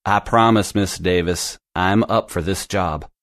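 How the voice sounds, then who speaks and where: A man's voice: low-pitched, unhurried, a bit bright, dry recording, studio quality. A man playing an earnest young male office worker in a scripted lesson dialogue, reassuring his boss.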